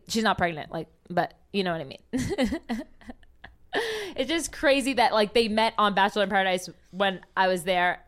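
A woman's voice: mid-range voice, fairly bright tone, clear, resonant tone. A woman hosting a podcast in casual chat, gushing and effusive, with casual swearing. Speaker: podcast host.

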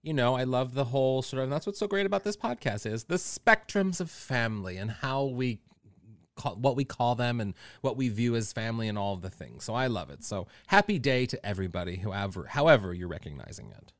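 A man's voice: medium pitch, sing-song, fairly quick, no room sound. Man, podcast co-host, campy and chatty, lingering cold cough, dry recording. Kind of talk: casual chat.

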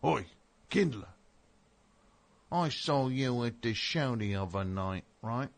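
A man's voice: medium pitch, animated, vocal fry. Man putting on a bad mock-British fanboy. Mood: gushing. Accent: mock British, all over the map. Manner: exaggerated, drawn-out gushing. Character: gushing young British male fan, over-eager.

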